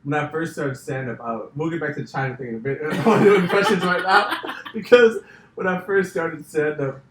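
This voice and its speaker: A man's voice: on the high side, a little fast, a crowd in the background. Chatty podcast host man, echoey room. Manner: storytelling, filler-heavy, says like a lot. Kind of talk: casual podcast chat. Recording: roomy echo.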